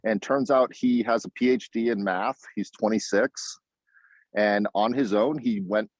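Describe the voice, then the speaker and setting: A man's voice: lowish voice, unhurried, no echo. A man talking reflectively in a casual group video call, sharing an anecdote. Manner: reflective, chatty. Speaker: discussion group member.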